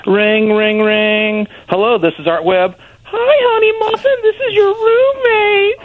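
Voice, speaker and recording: A woman calling in to act out a short comedy sketch, flipping between a sweet high voice and a low gruff one. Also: steady tone, unhurried. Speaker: caller. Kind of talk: acted comedy sketch over the phone. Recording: tinny phone line.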